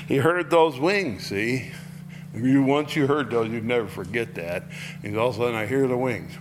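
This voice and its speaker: A man's voice: medium pitch, slight background noise. A man teaching through a Bible passage verse by verse in a folksy, conversational way, reading scripture aloud and then explaining it.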